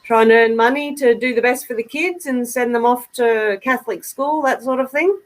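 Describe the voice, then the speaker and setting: A middle-aged Australian woman, a guest in a casual interview, talking in an easy, unhurried way with frequent ums. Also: on the high side.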